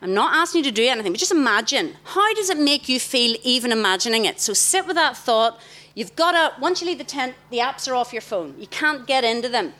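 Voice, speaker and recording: Animated woman speaker. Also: fairly high pitch, brisk. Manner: animated, questions the crowd directly. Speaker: youth event speaker. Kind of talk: interactive talk to a young audience. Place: large festival tent, live audience.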